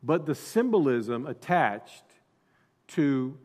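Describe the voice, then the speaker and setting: A male pastor preaching a sermon, dropping to quiet asides and then rising to loud emphasis. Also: medium pitch, sing-song, slow pace, long reverb tail.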